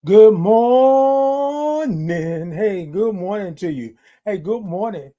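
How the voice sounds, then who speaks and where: Man, morning stream host, high voice, very animated, playful chat with viewers, drawn-out sing-song greetings. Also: no echo, lo-fi sound. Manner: chatty and playful, talks straight to the audience.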